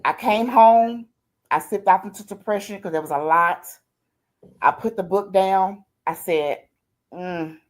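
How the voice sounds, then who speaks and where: Older woman, grandmother, low-ish voice, heartfelt, plainspoken, live stream interview. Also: a little slow. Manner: heartfelt, repeats "I said" and "she said", colloquial Southern-style grammar. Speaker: guest. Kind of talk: telling her life story.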